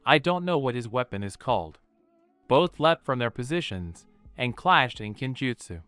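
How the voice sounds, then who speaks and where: Male narrator, smooth and lively, dry close sound, steady story reading. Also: mid-range voice, no room sound. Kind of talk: scripted narration of a fan story.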